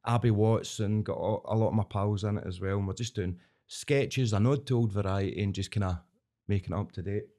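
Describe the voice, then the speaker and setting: A Scottish man with a lowish voice talks briskly as a podcast guest and entertainer, telling lively stories in casual chat, acting out voices and laughing often.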